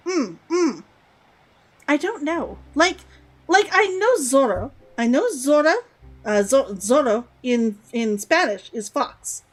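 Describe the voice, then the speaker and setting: Young woman, casual game commentary; chatty, giggly, lively high voice. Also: slow, poor audio. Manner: chatty and rambling, laughs often, repeats words. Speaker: streamer.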